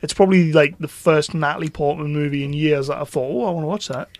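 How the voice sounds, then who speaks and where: A man's voice: fairly high pitch, fast, no room sound. A man co-hosting a podcast in casual chat, teasing and laughing often. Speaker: podcast co-host.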